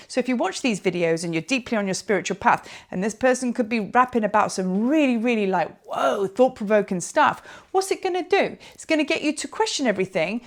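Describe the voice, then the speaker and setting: Woman chatting away about spirit stuff, rambly, laughs a lot, outside on a hill. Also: fairly high pitch. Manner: chatty, rambling, animated, with laughs and trailing asides. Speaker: spiritual teacher. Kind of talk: casual spiritual monologue. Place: outdoors on a hilltop.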